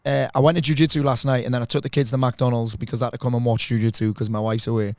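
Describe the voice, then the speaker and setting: Rapid man, bantering. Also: mid-range voice, level tone, a little mellow, no echo. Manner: swearing, joking, fast chatter. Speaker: podcast host. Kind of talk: casual banter.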